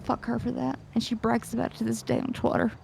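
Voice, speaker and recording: A woman's voice: a little high, flat delivery, fast, creaky, a little mellow, slight background noise. A woman in a roleplay scene, venting in an upset way and swearing. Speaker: roleplay character. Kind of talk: in-character roleplay chat.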